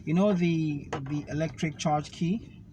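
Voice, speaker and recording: A man's voice: a little high, measured pace, dull audio. A man, casually explaining fitness and food with step-by-step analogies while riding in a car. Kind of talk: casual conversation. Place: inside a car. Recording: noisy car recording.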